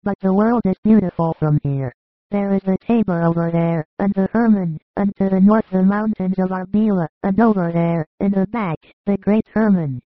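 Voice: mid-range voice, moderate pace, dry recording, phone-quality sound, close to an everyday voice. A reader voicing a devout young disciple. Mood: reverent. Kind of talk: audiobook dramatized reading.

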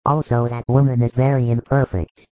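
Calm patient spiritual teacher, man acting, measured, instructive, tinny phone-like audio, dry. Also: mid-range voice, no room sound, natural voice. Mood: calm teaching. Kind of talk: dramatized religious reading.

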